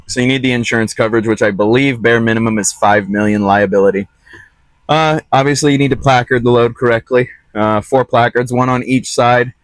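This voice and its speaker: A man's voice: medium pitch, steady tone, fairly quick, no room sound. A man talking casually to the camera as a trucking vlogger while walking his dog outdoors at a truck stop, rambling and correcting himself as he goes. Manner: rambling, easygoing, self-correcting. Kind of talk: casual vlog talk.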